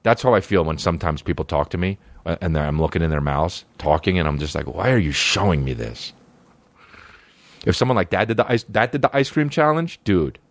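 Male podcast comic, lowish voice, rambling profane riffs, dry close sound. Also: expressive, fast, few pauses, no room sound. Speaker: comedian podcast host. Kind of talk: casual comedic monologue.

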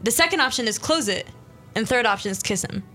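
A young woman hosting a small radio show, reading her own interactive story aloud in a playful, quick way. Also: a little high, lively intonation, bright, forceful tone, soft background music. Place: small studio.

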